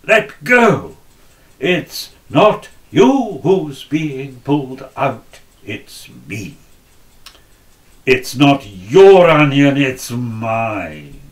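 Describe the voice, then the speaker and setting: A self-righteous old woman with an indignant, rising voice, put on by a male preacher. She protests and clings to what is hers, and the telling moves slowly with a lively, swinging pitch. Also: echoey room. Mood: shrill, grasping.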